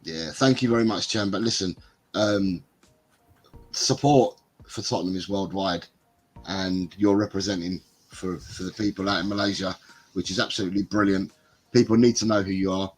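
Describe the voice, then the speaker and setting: Man, congested with a cold, husky, low voice, show regular, faint music behind. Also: steady tone, moderate pace, rough recording. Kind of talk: casual live-stream chat.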